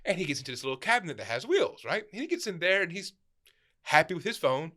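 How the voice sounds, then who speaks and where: A young man who owns a shop, telling stories in a casual chat, animated and laughing, tagging his sentences with "right?". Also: high-pitched, fast. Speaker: store owner, podcast guest.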